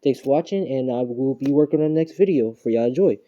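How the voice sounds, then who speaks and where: A man's voice: medium pitch, lively intonation, quick pace, warm tone, highs cut off, a little hiss or hum. A man casually retelling a fan story, rambling along with fillers and little chuckles.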